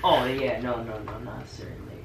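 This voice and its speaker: Gravelly man, distant and echoey. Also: medium pitch, fairly even intonation, normal speed, slight background noise. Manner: short agreeable jokey replies. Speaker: co-host. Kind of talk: casual banter.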